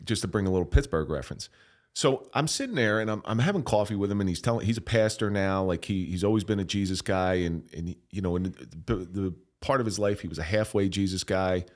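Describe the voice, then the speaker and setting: Deep-voiced man telling a fervent story. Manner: animated, profane, preacher-like storytelling. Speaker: podcast guest. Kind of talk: casual storytelling.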